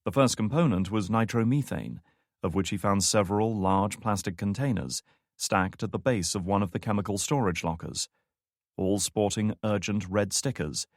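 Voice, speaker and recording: A man reads a thriller audiobook in a steady, measured way. His voice is low and recorded close on a dry studio mic with no room echo. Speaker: audiobook narrator. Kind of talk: scripted thriller narration.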